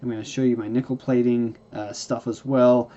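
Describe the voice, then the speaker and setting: A man's voice: medium pitch, level tone, normal speed, mellow. A man teaching hybrid car battery care in a casual, folksy way, tired and yawning, often asking "okay?" and restarting his sentences. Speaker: hybrid car repair instructor. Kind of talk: casual explanatory lesson. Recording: slightly dull lo-fi recording.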